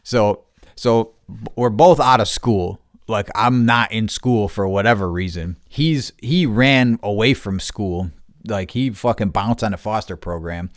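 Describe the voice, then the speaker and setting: A middle-aged man on a podcast, casually telling a profane, animated story full of quoted voices. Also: on the low side, unhurried, dry recording, studio quality. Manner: profane, animated retelling with quoted voices, turning quiet and somber. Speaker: podcast host.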